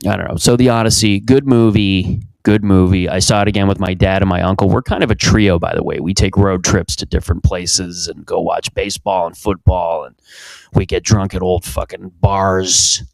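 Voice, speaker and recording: A man's voice: deep voice, steady tone, normal speed, gravelly, darkish tone, no room sound. A young man hosting from his home basement, rambling crudely through a casual comedic monologue and interrupting himself often. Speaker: podcast host.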